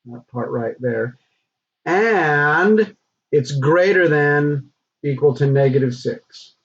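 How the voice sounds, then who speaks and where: A man teaching a recorded math lesson, talking through the steps in a relaxed, conversational way with frequent fillers. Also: on the high side, slow, a little hiss or hum. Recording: dull lo-fi recording.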